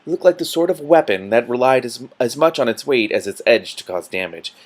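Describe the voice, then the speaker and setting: A man reading a fantasy novel aloud with commentary, stumbling a little and breaking in with quick asides. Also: mid-range voice, animated, a little hiss or hum. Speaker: book reader.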